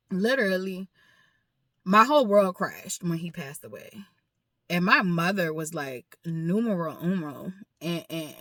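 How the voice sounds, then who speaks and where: A woman's voice: mid-range voice, a bit bright, dry recording, studio quality. A woman vlogging a personal story with raw emotion, swearing often and repeating herself for emphasis. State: emotional, grieving.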